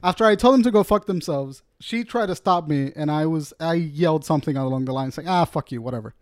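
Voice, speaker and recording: Guy ranting a story with lots of swearing, kinda high voice, dead dry room. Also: a little fast, no echo. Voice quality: profane, animated storyteller. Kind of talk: casual storytelling chat.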